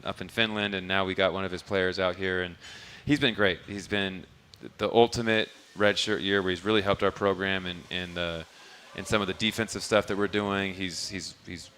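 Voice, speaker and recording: A basketball coach tells rambling stories in an easygoing way while answering questions in a casual live interview at a restaurant bar. His voice is low and smooth, with a pushed, bright quality.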